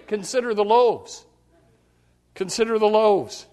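Man, pastor, sermon, high voice, very animated pitch, repeats phrases for emphasis. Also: measured pace, pauses often. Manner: speaks straight to the congregation.

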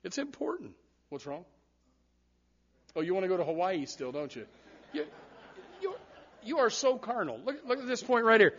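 A male pastor preaching a sermon in church, animated, with repeated words and sudden loud rises. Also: high-pitched, normal speed, long pauses, muffled recording, a faint crowd.

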